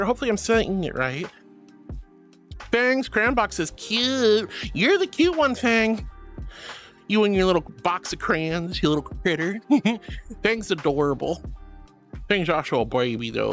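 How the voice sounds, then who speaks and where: A man's voice: sits high, expressive, unhurried, fairly bright tone, soft background music. A man streaming and reading out chat messages in a playful, giggly, affectionate way. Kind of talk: casual chat. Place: home streaming setup.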